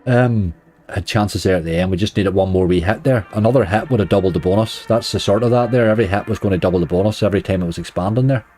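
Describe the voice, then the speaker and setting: A man's voice: fairly low pitch, fast talker, warm tone. A man with a Northern Irish accent giving chatty running commentary as a slots streamer, grumbling at the game and chatting to viewers.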